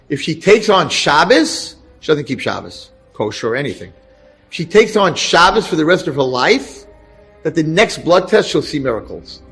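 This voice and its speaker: A rabbi telling a story to an audience, animated and acting out the lines of the people in it. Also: male voice, mid-range voice, husky. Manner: animated, acts out dialogue. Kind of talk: storytelling talk.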